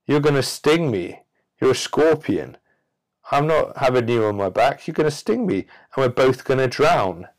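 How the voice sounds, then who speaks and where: Indignant, loud frog, played by a man in a spoken fable, pushed up high. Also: big pitch swings, moderate pace, low-quality recording. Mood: wary. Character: wary, then outraged frog, male.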